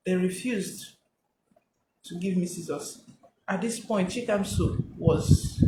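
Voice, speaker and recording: A woman's voice: fairly low pitch, warm tone, reverberant, slight background noise, low-quality recording. Woman giving an emotional testimony. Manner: emotional, halting retelling. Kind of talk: personal testimony.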